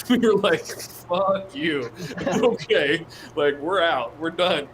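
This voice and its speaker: A man's voice: on the high side, animated, a little slow. A man co-hosting a casual livestream chat, rambling through a story and swearing freely. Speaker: co-host. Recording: noisy background.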